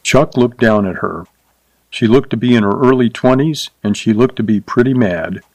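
Male story narrator, mid pitch, dry close sound, steady delivery. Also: normal speed, dry recording, low-quality recording. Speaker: narrator reading a short story. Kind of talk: scripted audiobook narration.

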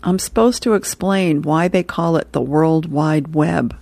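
A woman's voice: low voice, a little slow, gravelly, darkish tone, no room sound. A woman reading aloud the lines of a simple-minded pig from a comic strip. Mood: earnest.

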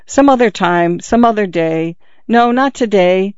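A woman's voice: medium pitch, expressive, unhurried, darkish tone, clean tone, no echo, natural voice. A man voicing a grieving young housekeeper who pleads tearfully and emotionally, in a dull lo-fi recording. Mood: pleading.

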